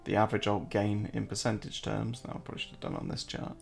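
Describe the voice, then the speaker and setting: Gravelly English man talking markets. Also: fairly low pitch, steady tone, fast talker, soft background music. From England. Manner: chatty, joking, answers viewer chat while walking through charts. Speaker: crypto trading streamer. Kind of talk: casual live-stream market commentary.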